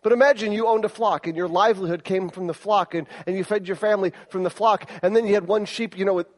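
High-voiced animated male preacher. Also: fast talker. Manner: animated storytelling, rises in pitch and force for emphasis. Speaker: pastor. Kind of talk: sermon.

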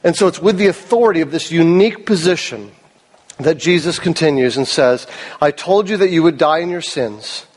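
Pastor, man, high voice with cracks in it, earnest sermon, long hall reverb. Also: expressive, normal speed. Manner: earnest, emphatic, asks the congregation questions. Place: church service hall.

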